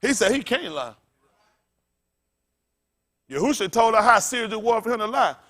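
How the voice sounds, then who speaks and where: A man preaching with a high, bright, ringing voice, calling out questions for the congregation to answer. He is blunt and profane, animated, and often breaks into laughter. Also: normal speed. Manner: loud call-and-response preaching, blunt and profane. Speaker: pastor. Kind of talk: sermon.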